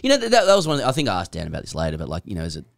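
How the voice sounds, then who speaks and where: A man's voice: sits low, huge pitch swings, racing, vocal fry, no echo, clean studio sound. A man co-hosting a podcast in casual chat, telling stories with lots of laughter and repeated restarts. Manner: chatty, laughing storyteller who repeats himself. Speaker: podcast co-host.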